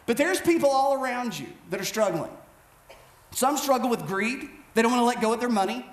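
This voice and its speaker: A man preaching a storytelling sermon as pastor, animated and self-mocking, with many quick restarts. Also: very high-pitched. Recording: echoey room with faint background noise.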